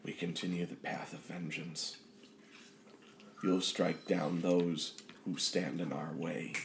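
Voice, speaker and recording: A man voicing a brooding, vengeful spirit bound to an axe, speaking in a low, slow, menacing murmur. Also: level tone, vocal fry, slight background noise, heavily acted.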